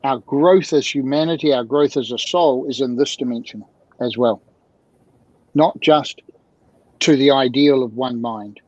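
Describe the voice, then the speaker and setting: A man's voice: medium pitch, measured pace, dry recording. Man with dull, dry lo-fi audio. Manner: animated, repeats rhetorical questions. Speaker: guest, emotional communication mentor. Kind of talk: video-call interview talk.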